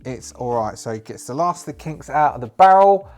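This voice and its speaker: A man's voice: medium pitch, animated, brisk, a little mellow. Man thinking aloud over a solo tabletop game. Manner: musing, thinking aloud with fillers.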